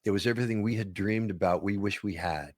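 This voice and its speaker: A fast-talking man with a lowish voice, a voice-over artist and author from northern Minnesota, shares stories as a guest in a casual interview. He's an animated storyteller who now and then slips into playful voices. The sound is clean studio audio without room sound.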